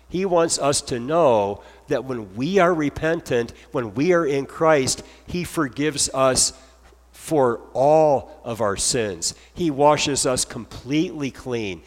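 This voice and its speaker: A man's voice: fairly high pitch, animated, measured pace, big-room sound. A man preaching an earnest sermon as pastor, moving from scripture into heartfelt spoken prayer.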